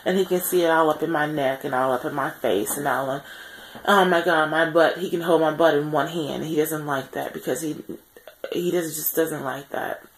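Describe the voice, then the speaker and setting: A tired woman records a candid video diary close to the camera mic. Her low voice has a gravelly edge, and she talks earnestly, with many pauses and restarts as she works through her thoughts. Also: fairly even intonation, low-quality recording. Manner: reflective and earnest, many pauses and self-corrections. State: tired, yawning. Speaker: vlogger on a weight-loss journey.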